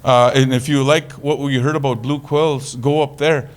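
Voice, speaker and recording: Male presenter, relaxed and humorous, tells stories to a crowd at an average pitch. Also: moderate pace. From Canada. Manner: casual, joking, animated storytelling. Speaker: conference presenter. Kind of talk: conference talk.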